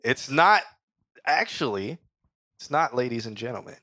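A man's voice: medium pitch, lively intonation, normal speed, pushed and bright, no echo, clean studio sound. A man co-hosting a casual livestreamed chat show, laughing often and swearing freely. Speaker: podcast co-host.

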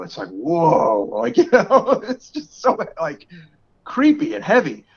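A man in his forties with a New York area accent talks in a lively, swooping way, his pitch sitting a little high, and he laughs often as he co-hosts a podcast. The recording is dull and lo-fi. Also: slow pace. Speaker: podcast co-host. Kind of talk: casual chat.

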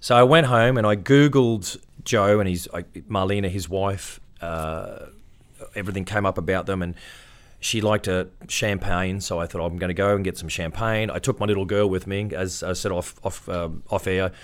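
Chatty Australian man telling lively anecdotes. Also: sits low, moderate pace. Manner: animated anecdotes, acting out quoted voices. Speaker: interview guest, tribute performer. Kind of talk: casual storytelling in an interview.

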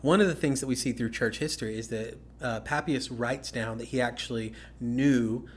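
A man's voice: medium pitch, moderate pace, slight background noise. Man explaining scripture to a co-host. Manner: explanatory, steady, with frequent "okay?" checks. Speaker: podcast co-host. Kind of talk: casual Bible-teaching chat.

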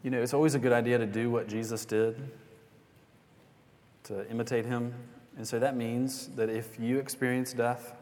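With a level, darkish mid-range voice at a moderate pace, a young man delivers a sermon as pastor, telling his story conversationally and adding light jokes and asides. The church sanctuary echoes with long reverb.

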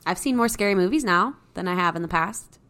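A woman's voice: on the low side, a little fast, fairly bright tone. A woman co-hosting a podcast in casual chat, dry and matter-of-fact. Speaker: podcast co-host.

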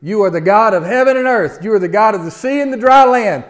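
A preacher doing blunt, rough-edged sailors. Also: male voice, high voice, a little fast, lightly acted. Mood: grateful. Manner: exasperated, plain-spoken, folksy.

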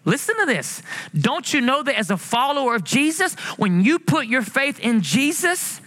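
Male pastor, high and bright, preaching with animated passion, sermon delivery. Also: normal speed. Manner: preaching with animated swings, rising passionately and drawing out quotes.

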